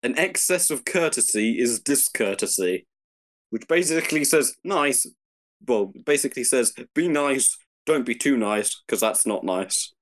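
A man's voice: medium pitch, animated, unhurried. Bumbling, laughing man reading proverbs aloud. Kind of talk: casual comedic chat.

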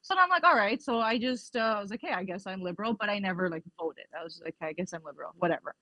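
Animated woman telling a story. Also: medium pitch, quick pace, no room sound. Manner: animated storytelling, acting out quoted exchanges with her family and herself. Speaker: podcast guest. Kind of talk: casual podcast conversation.

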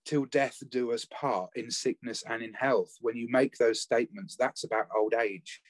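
A man, talking earnestly and haltingly about caring for his late spouse in a conversational interview. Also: mid-range voice, steady tone, no room sound. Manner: earnest, reflective, halting with restarts. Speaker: bereaved former family carer, guest.

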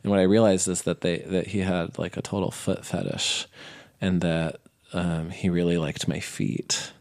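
Flat and low, with a darkish tone and ordinary pace, this man rambles through a lengthy personal anecdote as a guest on an interview. He stumbles through plenty of fillers and false starts and is quick to laugh.

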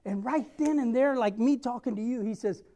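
A young man preaching a sermon, telling a personal story and acting out the dialogue with lively energy. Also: very high-pitched, moderate pace. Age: young adult. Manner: repeats a rallying question.

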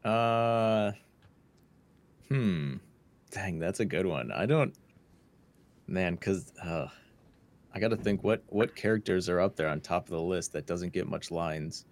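A man's voice: low voice, slow, pauses often. A man as a guest on a casual podcast, answering in a thoughtful, hesitant way. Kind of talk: casual chat.

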